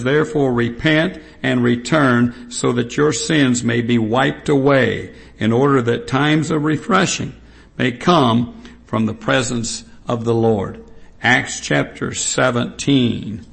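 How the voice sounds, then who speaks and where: A male preacher delivers a sermon with scripture readings, repeating key points with steady emphasis. His voice is gravelly and his delivery unhurried, drawn out and deliberate. He speaks at a mid pitch. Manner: slow, emphatic and repetitive.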